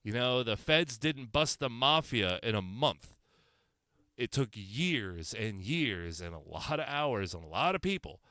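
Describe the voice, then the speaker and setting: Sarcastic male podcast host, lively pitch. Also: unhurried, no room sound, clean studio sound. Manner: sarcastic, fires off rhetorical questions. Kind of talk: solo opinion podcast monologue. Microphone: microphone.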